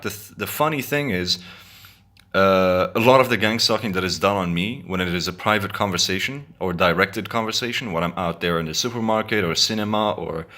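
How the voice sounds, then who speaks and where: Male vlogger, low pitch and bright tone, earnest and repetitive monologue. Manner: earnest, repetitive, stumbling restarts. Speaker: video blogger. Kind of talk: casual monologue to camera.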